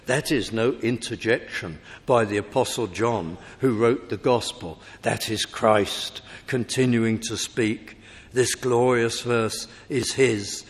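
Slow, emphatic preacher in a reverberant hall. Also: male voice, mid-range voice. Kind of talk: sermon.

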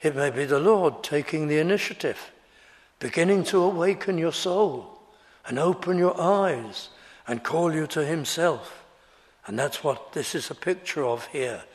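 A man preaching a sermon to a congregation in a measured, earnest way that rises to fervent emphasis. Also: a little high, lively intonation. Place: church before a congregation. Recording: long reverb of a large church hall.

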